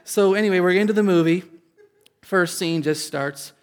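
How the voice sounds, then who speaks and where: Here the somewhat high-voiced male pastor from Indiana moves at a moderate pace. He recounts a personal story to an audience, animated and ready to laugh at himself.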